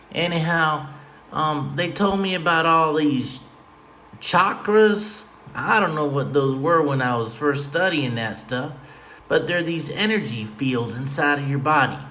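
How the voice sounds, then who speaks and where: A man with a fairly high, sharp-toned voice hosts a podcast late at night in a room at home with a fan, rambling off topic in a folksy, tongue-in-cheek style. A little hiss or hum sits under the audio.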